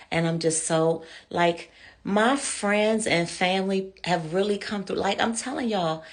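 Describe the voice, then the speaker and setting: A woman in her fifties hosting her show, talking candidly and casually to her viewers as friends, calling them y'all. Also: mid-range voice. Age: 50s. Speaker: show host.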